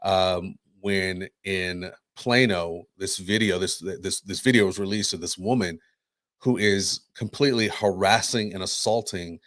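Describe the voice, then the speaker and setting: Animated man telling a story on a podcast. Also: deep voice, measured pace, no room sound, studio quality. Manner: animated storytelling, acts out quoted voices. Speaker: podcast co-host. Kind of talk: casual chat.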